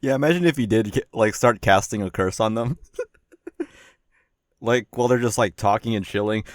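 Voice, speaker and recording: A man's voice: lowish voice, normal speed, no echo, clean studio sound. A man on a casual voice call, telling a jokey, rambling story through laughter.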